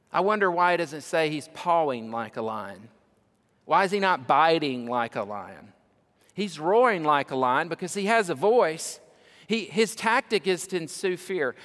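A pastor preaching a sermon, repeating key lines with rising, emphatic force. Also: male voice, fairly high pitch. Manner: building to loud emphatic repetition. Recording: long hall reverb.

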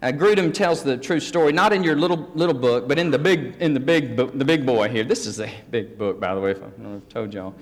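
A man's voice: medium pitch, fast talker, few pauses. A man preaching a folksy teaching sermon, joking with his congregation. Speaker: pastor. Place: church sanctuary. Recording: long hall reverb.

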